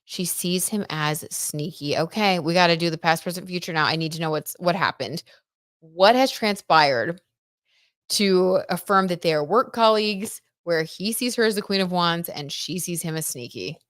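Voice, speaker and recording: A woman's voice: lowish voice, moderate pace, fairly bright tone, no echo, studio quality. A young woman hosting a casual live tarot reading, chatty and gushing, with lots of "like" and "oh my gosh". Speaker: tarot reader and live stream host.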